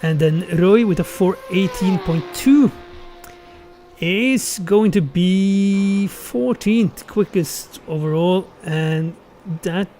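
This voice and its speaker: A man's voice: sits high, slow pace, dark tone, slight background noise. A man giving casual live commentary on a sim racing qualifying session, thinking aloud and correcting himself as he goes.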